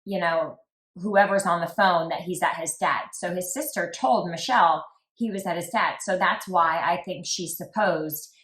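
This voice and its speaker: A woman's voice: lowish voice, normal speed, a bit bright. A woman co-hosting a true crime podcast, talking casually and reading out quotes. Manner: reads quoted texts aloud, conversational. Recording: echoey room.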